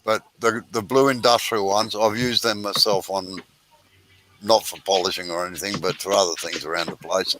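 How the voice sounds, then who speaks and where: A man's voice: sits low, fairly even intonation, normal speed, background noise. Joking older Australian man on a call. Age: 70s. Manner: joking, chatty, gently teasing. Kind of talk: casual chat. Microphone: video call.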